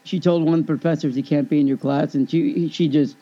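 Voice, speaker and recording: A man in his fifties in casual chat, telling an animated story and acting out both sides of a conversation. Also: fairly high pitch, fairly quick. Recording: dull lo-fi recording.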